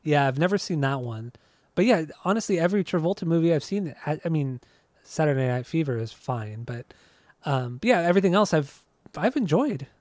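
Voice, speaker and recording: A man co-hosting a casual podcast chat, relaxed and rambling, often restarting his sentences. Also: fairly high pitch, brisk, no room sound. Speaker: podcast co-host.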